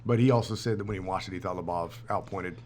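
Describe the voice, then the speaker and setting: A man's voice: deep voice, fast, a little mellow. A man co-hosting a sports podcast in casual chat, reading off fight results. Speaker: podcast co-host.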